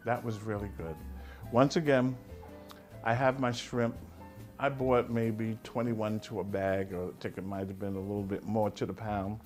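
A man's voice: fairly low pitch, steady tone, normal speed, faint music behind. Chatty, playful man hosting a cooking show. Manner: chatty and playful, hums and chuckles while cooking. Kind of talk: casual cooking demonstration.

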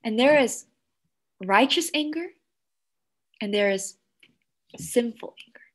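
Woman children's pastor, slow deliberate delivery, animated and engaging. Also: fairly high pitch. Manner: animated, engages kids with questions. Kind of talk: children's sermon.

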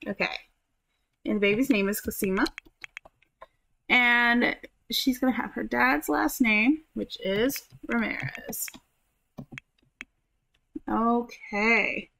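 A woman's voice: a little high, slow, creaky, pauses often, bright, forceful tone, a little hiss or hum, low-quality recording. A woman giving casual, chatty commentary while playing a life-simulation game, full of fillers and giggles. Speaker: gaming youtuber.

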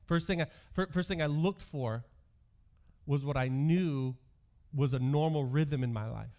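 A man's voice: a little high, unhurried, darkish tone. A male pastor in his thirties giving a sermon, telling stories from his youth with self-deprecating humor.

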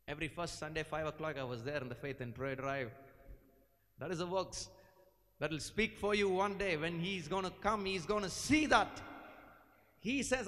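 A man preaching a sermon as pastor, exhorting and repeating phrases, sometimes slipping into a low drawl to mock lazy believers. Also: animated, fairly bright tone. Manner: exhorting, repetitive, acts out lazy churchgoers in a low slow voice. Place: church sanctuary. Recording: church hall reverb.

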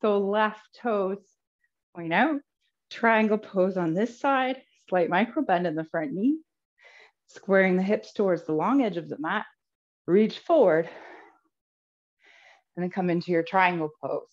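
A woman's voice: mid-range voice, lively intonation, a little slow, long pauses. A woman yoga teacher cueing poses step by step in a live class, a little out of breath and laughing at her own slips. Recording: slightly dull lo-fi audio.

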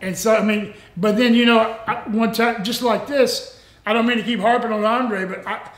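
Older male guest, rambling salty yarns, higher-pitched, echoey room. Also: fairly even intonation, normal speed, fairly bright tone. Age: 60s. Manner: rambling, salty, laughs often. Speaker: retired pro wrestler, guest. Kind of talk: casual storytelling.

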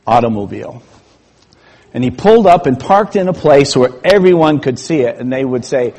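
A man preaching a sermon in a church, telling a story slowly and acting out the people in it. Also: medium pitch, animated, a little mellow. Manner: storytelling with acted-out quotes, slow and measured.

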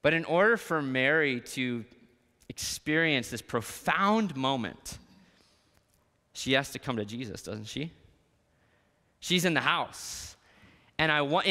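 A man preaching a sermon as a pastor, moving between quiet, tender lines and emphatic ones. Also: fairly high pitch, long reverb tail. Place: church sanctuary.

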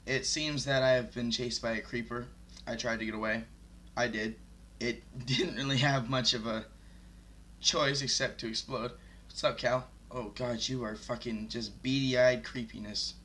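A young man commentating his Minecraft let's-play, excitable and swearing loudly whenever he is in danger. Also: medium pitch, normal speed, a little hiss or hum. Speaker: gaming YouTuber.

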